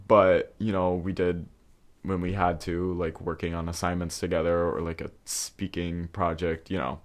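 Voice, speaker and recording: Low-voiced young man, casual storyteller. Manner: candid and profane, with frequent fillers. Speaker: podcast host.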